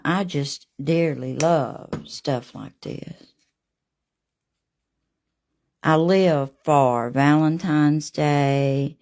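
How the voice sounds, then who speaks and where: A woman hosting a live painting demo, chatting warmly with viewers by name as she works. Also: low voice, creaky. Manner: homey and gushing, talks to viewers by name.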